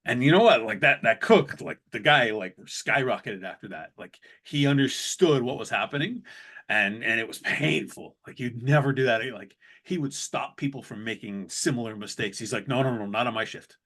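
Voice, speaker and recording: A man hosting a podcast, spinning restaurant kitchen stories in relaxed, casual conversation. He talks with an easy storytelling rhythm, acts out the lines of cooks and servers, and laughs now and then. His voice sits at an ordinary middle pitch. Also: normal speed. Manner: animated anecdotes with acted-out quotes and laughs. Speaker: podcast host and chef.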